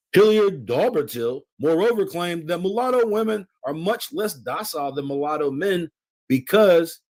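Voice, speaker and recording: Man reading history aloud, lively pitch. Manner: reads quotations aloud with emphatic stresses. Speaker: channel host.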